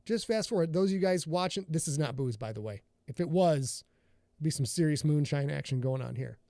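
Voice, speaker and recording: A man's voice: fairly high pitch, fairly quick, gravelly, warm tone, no echo. A man hosting a casual livestream from his home studio, chatting loosely and greeting viewers by name. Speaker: podcast host and author.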